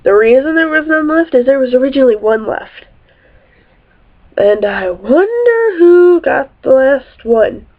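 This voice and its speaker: A young woman vlogger telling a story about her boyfriend in a chatty, animated way, with some swearing. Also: high-pitched, unhurried. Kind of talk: storytime vlog. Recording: tinny phone-like audio.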